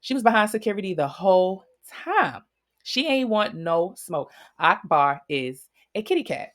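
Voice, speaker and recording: A woman's voice: mid-range voice, a little slow. A woman hosting a casual reality-show gossip recap, blunt and profane. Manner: blunt, profane, animated storytelling. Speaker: recap host.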